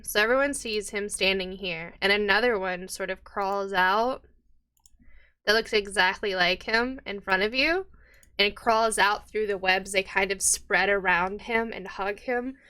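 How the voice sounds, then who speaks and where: A woman narrating as game master of a tabletop game, relaxed, with many fillers and frequent laughs. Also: mid-range voice, a little slow, smooth.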